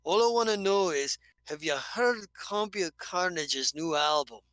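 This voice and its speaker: A game master voicing a friendly, rough-mannered male dwarf mechanic in a tabletop game, folksy and hearty, calling people lass. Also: medium pitch, lively intonation, a little slow, fairly bright tone, dry recording, rough recording. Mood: chummy. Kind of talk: tabletop game role-play.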